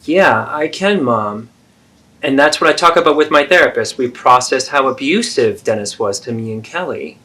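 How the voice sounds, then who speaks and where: A man's voice: medium pitch, animated, normal speed, pushed and bright. A man playing an adult daughter who earnestly and persistently confronts her mother in a therapeutic role-play.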